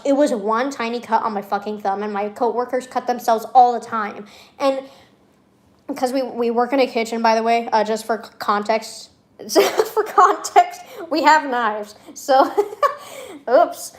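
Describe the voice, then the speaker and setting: A woman's voice: fairly high pitch, moderate pace. A young woman venting in a casual vlog, rambling and sarcastic, laughing often between her remarks. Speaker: vlogger.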